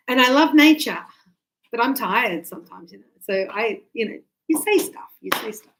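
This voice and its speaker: A woman teaching a class, chatty and animated, acting out birds and her students as she explains. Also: fairly high pitch, low-quality recording. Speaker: English teacher.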